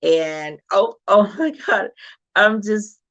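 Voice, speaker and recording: Woman guest, effusive and grateful, mid-pitched, on a muffled lo-fi line. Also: lively intonation, takes it slowly, fairly bright tone. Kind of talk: casual video-call chat. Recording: muffled lo-fi call audio.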